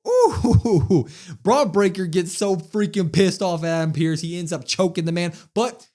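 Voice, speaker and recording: A young man co-hosting a podcast, giving an excitable, chuckling play-by-play recap of a show. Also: high voice, normal speed. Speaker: wrestling podcast co-host.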